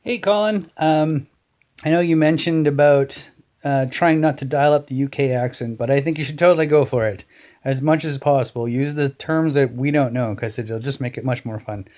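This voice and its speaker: Guy, cheerful teasing voicemail, mid pitch. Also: moderate pace, a little mellow. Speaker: caller. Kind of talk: voicemail message.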